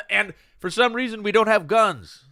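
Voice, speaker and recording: A man hosting a casual live stream, rambling and excitable with frequent swearing. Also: sits high, moderate pace, creaky, no echo, studio quality. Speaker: streamer host.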